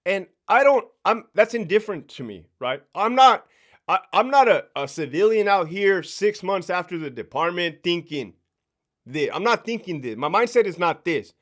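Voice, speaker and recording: A man's voice: high-pitched, very animated, moderate pace, fairly bright tone. A man, a former prison sergeant, ranting bluntly and profanely in a casual vlog, often repeating and restarting words.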